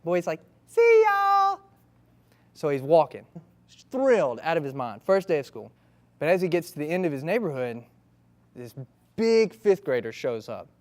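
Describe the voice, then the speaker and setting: Lively, casual male storyteller. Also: a little high. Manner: casual, brisk, conversational. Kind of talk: comic spoken storytelling.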